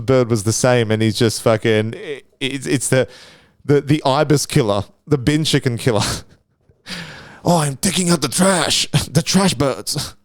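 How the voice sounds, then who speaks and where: A man's voice: medium pitch, clean tone, no room sound, studio quality. Rambling, foul-mouthed Australian man. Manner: rambling, crude, heavy swearing, many restarts. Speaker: podcast host. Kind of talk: casual solo podcast monologue.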